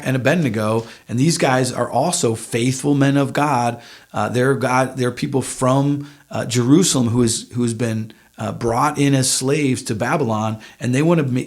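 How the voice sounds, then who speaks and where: A man's voice: mid-range voice, darkish tone. Man teaching scripture conversationally. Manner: conversational, with frequent "uh" and emphatic rises. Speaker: church podcast teacher. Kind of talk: casual Bible teaching.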